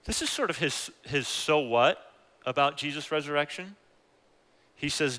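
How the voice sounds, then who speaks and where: A man preaching a sermon with animated emphasis, often rising to exclamations. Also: a little high, a little slow, pauses often. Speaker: pastor. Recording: long hall reverb.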